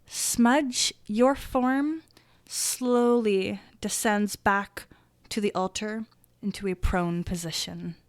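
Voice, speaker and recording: Woman game master, mid-pitched voice, a bit worn, paints scenes in slow, descriptive narration. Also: no echo. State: recovering from a lost voice.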